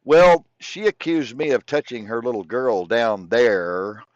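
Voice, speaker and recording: A man's voice: mid-range voice, big pitch swings, measured pace, no room sound. Rambling, profane man telling stories. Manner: rambling, profane, repeats himself. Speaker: guest. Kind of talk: casual storytelling interview. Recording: dull lo-fi dry sound.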